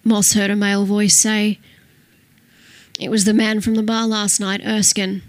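A woman reading a crime novel aloud in steady, scripted narration. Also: medium pitch, a little slow, no room sound. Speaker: audiobook narrator.

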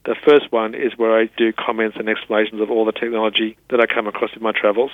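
A man, a technology specialist explaining things patiently and spelling words out slowly in an interview. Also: fairly low pitch, level tone, no room sound. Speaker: assistive technology specialist guest. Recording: tinny phone-line sound.

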